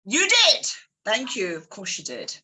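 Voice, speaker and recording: A woman hosting a book club, giving an energetic motivational talk straight to her listeners. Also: medium pitch, measured pace, slightly rough. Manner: energetic, addresses listeners directly.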